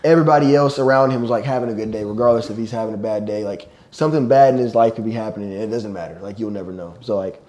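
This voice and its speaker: A young man, a college football player, chatting casually on a podcast and telling animated stories between bursts of laughter. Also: on the low side, very fast, few pauses. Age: young adult. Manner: animated storytelling, laughing often.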